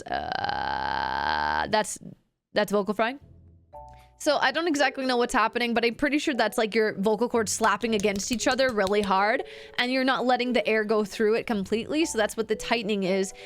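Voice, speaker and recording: In a loose, wandering style, a woman streamer teaches her chat about voice acting, frequently lowering her voice to show examples.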